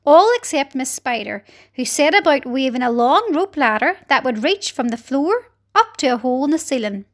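A woman narrating a children's storybook aloud in an animated, dramatic way. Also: sits high. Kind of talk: expressive storybook reading.

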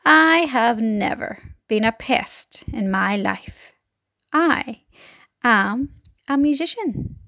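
A woman voicing an old male grasshopper in a storybook, speaking slowly and scornfully. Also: high voice, expressive, no echo, clean studio sound. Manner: slow and scornful.

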